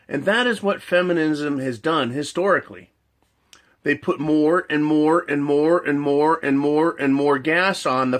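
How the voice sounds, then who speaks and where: A man's voice: a little high, a bit bright. Blunt, profane man ranting. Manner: profane, blunt, keeps asking "right?"; long rhetorical analogies, repeats himself. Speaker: commentator. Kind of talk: ranting monologue.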